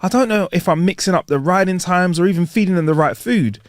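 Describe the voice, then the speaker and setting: A man's voice: fast talker, no room sound, lightly acted. A man voicing a sobbing, dim-witted man with two horses, whiny and stammering, in a dry recording. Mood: whining. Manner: whiny, high, breaking into stammers.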